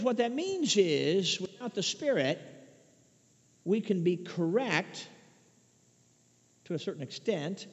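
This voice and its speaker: High-voiced man preaching a sermon. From Chicago. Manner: emphatic preaching, swings from loud to hushed. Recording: dull lo-fi sound with long reverb.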